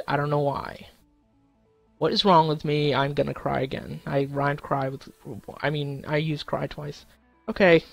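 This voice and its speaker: A man's voice: on the high side, creaky, no echo. A young man in casual live-stream commentary, goofy and crude, talking to himself and his chat with sudden silly outbursts. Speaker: gaming streamer.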